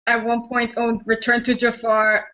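A woman giving her opinions in a casual group podcast chat, talking in a chatty, animated way. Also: a little high, normal speed. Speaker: podcast panelist. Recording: dull lo-fi sound.

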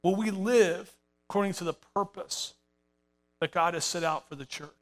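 A middle-aged man, a pastor, preaches with passion in a church sanctuary before a live congregation, building toward emphatic calls to his flock. His voice is high and his pace moderate.

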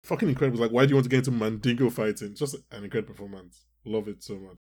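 Man, podcast co-host, casual chat, animated, frequent restarts, middle pitch. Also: rapid-fire. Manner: animated, restarts often, laughs.

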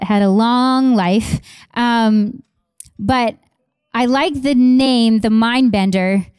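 Passionate woman pastor with a mellow voice. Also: on the high side, smooth, no echo, studio quality. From Canada. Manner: passionate, repeats phrases for emphasis, conversational asides to congregation. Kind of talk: sermon. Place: church.

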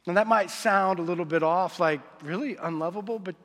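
Conversational preacher in an echoing hall. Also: male voice, sits high, fairly quick, a bit bright. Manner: conversational, confessional, asks the audience often. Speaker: pastor. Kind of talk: sermon. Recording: reverberant hall.

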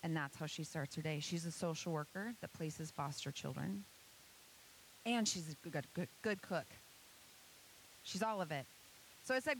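A woman speaks earnestly to an audience and asks many rhetorical questions. Her voice sits fairly low, with a faint hiss behind it. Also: moderate pace, long pauses, rough recording. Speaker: speaker giving a church presentation. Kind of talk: motivational talk to an audience.

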